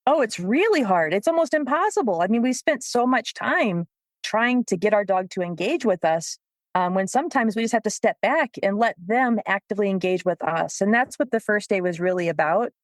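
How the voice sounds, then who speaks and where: A woman co-hosts a podcast with a dry, close sound and a mid-range pitch. She works as a dog trainer and tells her stories with lively energy, laughing often as she goes. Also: brisk, no room sound. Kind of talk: casual podcast chat.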